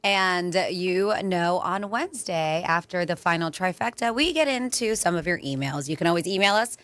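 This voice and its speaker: A woman's voice: on the low side, lively intonation, moderate pace, a bit bright. A woman co-hosting a radio talk show in a studio, speaking casually to listeners. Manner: casual, reading out the show's email. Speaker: radio co-host.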